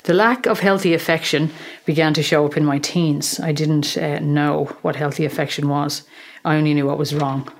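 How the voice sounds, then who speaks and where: A middle-aged Irish woman hosting a podcast, telling a personal story in a measured, gently humorous way. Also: deep voice, fairly even intonation. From Ireland. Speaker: podcast host, therapist. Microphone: podcast microphone in a small room.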